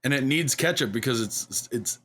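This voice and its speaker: A man's voice: mid-range voice, expressive, moderate pace, fairly bright tone. A man from Canada, co-hosting a podcast and chiming in casually with a friend. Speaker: podcast co-host. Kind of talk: casual chat.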